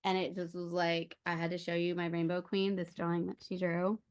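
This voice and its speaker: A woman's voice: fairly low pitch, level tone, fairly quick, smooth. A mother in a prayer circle on a video call from her daughter's room, sharing heartfelt and emotional, chatty and open.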